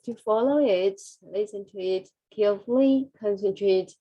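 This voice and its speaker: A woman's voice: medium pitch, normal speed, lo-fi sound. A woman teaching an English lesson, drilling pronunciation with many repetitions and fillers. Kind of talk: online English lesson with Buddhist prayer.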